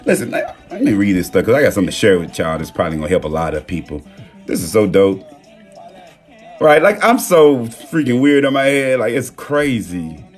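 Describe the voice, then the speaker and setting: A man hosting a live stream from his phone, talking in a relaxed, reflective way with loose slang and pausing to read viewer comments. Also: on the low side, faint music behind. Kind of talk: casual live-stream talk. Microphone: phone mic.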